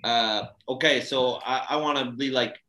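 A man's voice: mid-range voice, steady tone, moderate pace, pushed and bright, reverberant. A man playing in a tabletop game, talking in a casual, laid-back way. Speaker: player.

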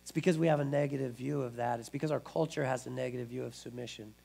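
Gravelly male pastor preaching. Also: mid-range voice, fairly even intonation, quick pace, warm tone. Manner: conversational preaching with frequent restarts. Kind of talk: sermon.

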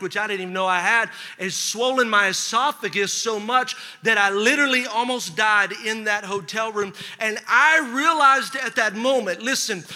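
A male pastor preaching a sermon, telling a story with lively acted-out dialogue. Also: sits high. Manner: animated storytelling, acts out dialogue. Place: church sanctuary. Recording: long hall reverb.

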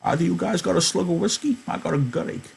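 A man's voice: animated, fast talker, gravelly, slight background noise, heavily acted. A man voicing a frail, timid old male ranch worker who stammers and pleads, reading a novel aloud in class. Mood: complaining. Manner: high, quavering, stammering old voice.

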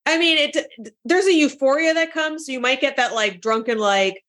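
A woman's voice: sits high, moderate pace, fairly bright tone. A woman comedian, a guest on a podcast, talking casually in a wry, self-mocking way. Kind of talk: casual interview chat.

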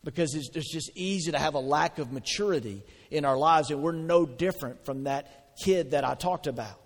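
A man preaching a sermon, his voice sitting a bit higher than most men's. He talks in a conversational way, throwing questions out to the congregation. The sound carries a long reverb, as if filling a church sanctuary. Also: moderate pace. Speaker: pastor.

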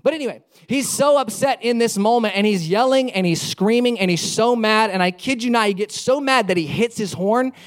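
A man's voice: sits high, fairly quick, hardly any pauses. A pastor preaching conversationally, repeating phrases for emphasis and acting out the lines of people in his stories. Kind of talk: sermon with storytelling.

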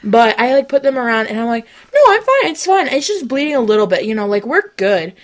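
A young woman co-hosting a comedy podcast, telling a story in a casual, animated way and acting out the voices of the people in it. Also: a little high, fast. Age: young adult. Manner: animated, acts out quoted voices. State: sick, sniffing and coughing. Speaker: podcast co-host.

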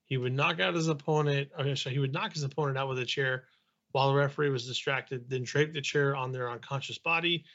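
A man's voice: medium pitch, fast, a bit bright. Man reading notes on a lo-fi podcast. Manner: reads in long runs, breaking off to joke.

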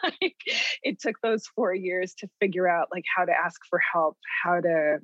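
A middle-aged woman from New Mexico, a writer, telling her story in an interview with many pauses and light laughs. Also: fairly low pitch, fairly bright tone, no room sound. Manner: thoughtful, many ums and restarts, laughs lightly. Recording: dull lo-fi close recording.

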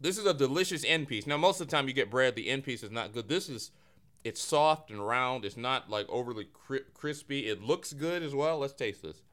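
A man's voice: mid-range voice, expressive, normal speed, fairly bright tone. Playful, jokey male podcast host. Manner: jokey, playful, self-mocking. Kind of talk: casual chat and comic ad reads.

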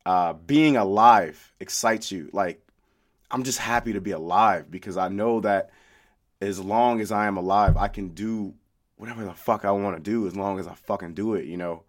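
Deep-voiced young man, rambling podcast. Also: moderate pace. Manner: casual, rambling, heavy fillers and swearing. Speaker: podcast host. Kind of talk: solo podcast monologue. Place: home room.

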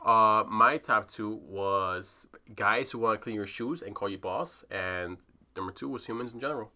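A man's voice: lowish voice, normal speed, bright, forceful tone. A young man co-hosting a casual podcast, laid-back and swearing freely. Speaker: podcast co-host.

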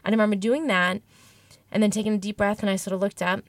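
A woman's voice: mid-range voice, little pitch movement, fast, no echo. A woman guest telling a candid personal story in an interview, reflective and emotional, often restarting her sentences.

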